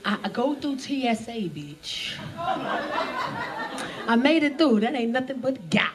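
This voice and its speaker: Woman, 30s, stand-up comic; brash, profane storyteller, slightly high voice, faint audience behind. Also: animated, measured pace, crowd noise, background noise. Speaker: stand-up comedian. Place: comedy club stage with audience. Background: audience laughter.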